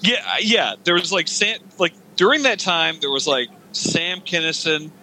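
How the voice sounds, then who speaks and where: A man with a high, bright voice co-hosts a podcast and talks in an animated way. He swears freely and acts out other people as he talks. His pitch swings widely, with faint noise in the background. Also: a little slow, low-quality recording. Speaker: podcast co-host. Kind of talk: casual chat.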